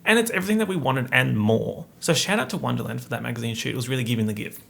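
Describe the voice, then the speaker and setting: A man's voice: mid-range voice, rapid-fire, gravelly, a bit bright. A young man, hosting a casual solo podcast chat full of playful slang and asides. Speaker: podcast host.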